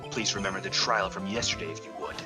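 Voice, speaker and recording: A man voicing an earnest young male defense lawyer in a fan voice acting of a game, explaining deliberately. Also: sits low, steady tone, over music, lightly acted.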